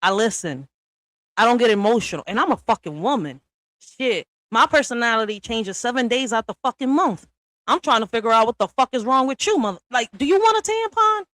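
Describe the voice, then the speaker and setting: A woman in a heated response rant, blunt and full of swearing. Her voice is bright and forceful, and she keeps tagging lines with "all right?". It is recorded close and dry, with no room sound. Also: fairly quick, no room sound, low-quality recording. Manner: swings from low and quiet to loud and high. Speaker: online commentator responding to another creator.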